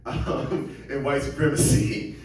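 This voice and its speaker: Stand-up comedian in a very echoey club. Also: male voice, medium pitch, flat delivery, slow pace, darkish tone. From Seattle area. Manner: rambling, self-deprecating, acts out quoted voices. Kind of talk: stand-up set. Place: comedy club stage with audience. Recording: very echoey room, mic at a distance.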